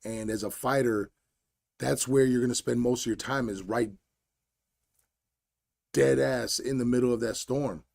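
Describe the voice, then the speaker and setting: Gravelly, blunt man telling a story. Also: medium pitch, a little slow, long pauses. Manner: blunt and animated, slangy storytelling. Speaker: podcast host and fight coach. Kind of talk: solo podcast monologue.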